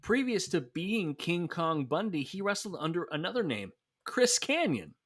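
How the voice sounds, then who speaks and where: A man's voice: sits high, normal speed, no echo. A man with a mid-range voice that swings up and down a lot as he chats, laughs and teases on a podcast. The sound is dry and close-miked. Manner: chatty, laughing, lively teasing. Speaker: podcast co-host. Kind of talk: casual chat.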